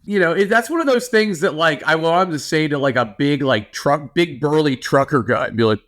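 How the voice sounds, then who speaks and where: A young man co-hosting a podcast, talking in an animated, playful way with lots of filler words. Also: fairly high pitch, fairly quick. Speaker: podcast co-host. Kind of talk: casual chat.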